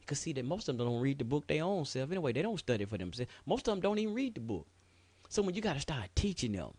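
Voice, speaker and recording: A man's voice: a little high, sing-song, quick pace, no echo. A middle-aged man hosting a radio show, lecturing in a casual, preachy way with street slang and cursing. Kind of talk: casual talk radio monologue.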